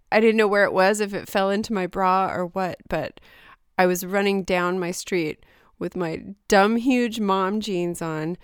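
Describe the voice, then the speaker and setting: Woman, podcast host, casual chat, smooth clear voice, dry close sound, self-mocking. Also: medium pitch, dry recording. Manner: chatty, self-mocking storyteller.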